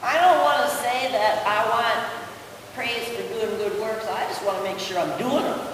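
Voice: mid-range voice, moderate pace, fairly bright tone, very echoey, long reverb tail, far from the mic, a little hiss or hum, poor audio. A caller on a radio show, speaking hesitantly and trailing off. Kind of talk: call-in question.

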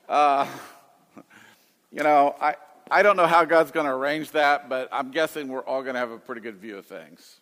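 A man's voice: a little high, normal speed, pauses often, a bit bright, long reverb tail. A man in his late fifties, a radio Bible teacher answering callers in a folksy, rambling way with restarts. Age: 50s. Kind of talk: call-in radio chat.

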